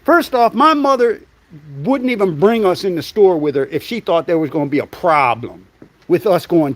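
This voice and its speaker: A middle-aged man holds forth alone on a livestream in a fairly high voice. He talks bluntly and swears freely as he tells stories. The sound is dry and close, with no room echo. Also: lively intonation, moderate pace. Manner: blunt and profane, storytelling with acted quotes. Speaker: livestream host. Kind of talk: opinionated monologue.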